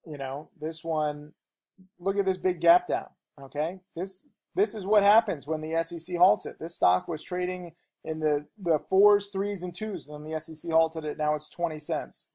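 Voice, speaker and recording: A man with a somewhat higher-pitched voice teaching a casual trading lesson off the cuff. He talks rapidly and rambles, piling on fillers and restarting his sentences. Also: warm tone.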